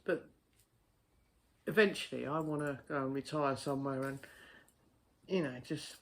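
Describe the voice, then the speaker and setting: A man chatting casually to camera, a postal worker telling stories in a blunt, sweary, animated way. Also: fairly high pitch, normal speed.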